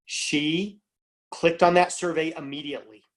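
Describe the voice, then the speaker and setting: Animated man telling a sales story. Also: fairly high pitch, a little slow, slight background noise. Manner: storytelling, acts out both sides of a phone call in quoted voices; animated, emphatic, addresses audience as guys. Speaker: network marketing speaker. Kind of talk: casual motivational talk.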